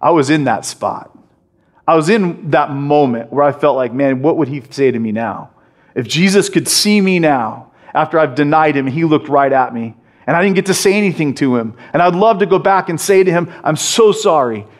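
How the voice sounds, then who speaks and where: An impulsive, headstrong grown man, as a preacher puts him on, earnest and emphatic, his fairly high voice climbing as he speaks. He sounds bold yet weighed down by remorse. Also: animated, normal speed, natural voice. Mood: remorseful.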